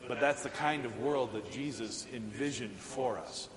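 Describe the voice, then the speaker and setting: A man's voice: mid-range voice, moderate pace, a crowd in the background. A middle-aged male pastor giving a casual, conversational sermon with frequent chuckles and fillers. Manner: casual and conversational, laughs often, many fillers. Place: church sanctuary. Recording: echoey church hall.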